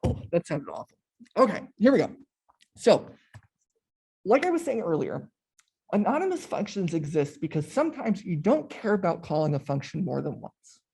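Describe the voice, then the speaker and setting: A man's voice: high-pitched, very animated, normal speed, gravelly, a little mellow, slightly rough. A young man running a coding workshop, explaining step by step in a casual, chatty way. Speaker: workshop instructor. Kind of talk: live coding tutorial.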